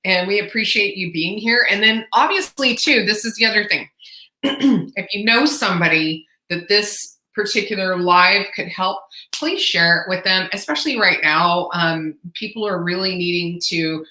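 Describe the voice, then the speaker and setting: A woman's voice: mid-range voice, normal speed, bright, forceful tone. Chatty woman host, echoey room. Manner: chatty, greets viewers by name. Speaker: host of a live stream. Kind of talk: casual live-stream chat.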